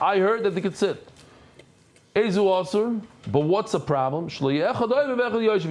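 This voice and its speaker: This high-voiced man teaches a daily Talmud class, reading from the Aramaic text, explaining it in English, and easing into softer storytelling.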